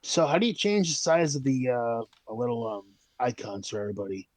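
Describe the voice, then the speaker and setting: A man on a voice call before a tabletop game, hesitantly searching through settings and thinking out loud with lots of fillers. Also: medium pitch, a little fast, dry recording. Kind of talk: casual chat on a voice call.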